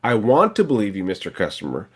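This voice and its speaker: A man's voice: fairly low pitch, huge pitch swings, fast talker, breathy edge. A man coaching a salesman one on one, casually acting out lines a salesman and a customer might say. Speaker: sales trainer and podcast host.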